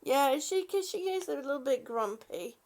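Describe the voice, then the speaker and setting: A woman talking casually to her small dog as she dresses it, coaxing and affectionate, often quiet and laughing. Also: high-pitched, animated, moderate pace. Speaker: vlogger.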